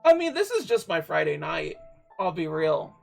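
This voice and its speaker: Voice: medium pitch, sing-song, normal speed, vocal fry, soft background music. A streamer reading a game aloud on a live stream and breaking off for playful, joking asides.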